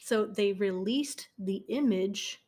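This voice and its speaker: A young woman tells a true-crime case in a loose, conversational way. She giggles between sentences, trips over her words and doubles back to fix them, filling gaps with um and like. Her pitch sits at an ordinary middle for a woman. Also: slow pace, a little mellow. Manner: giggly, stumbles and corrects herself, many ums. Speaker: podcast co-host. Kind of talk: casual true-crime storytelling.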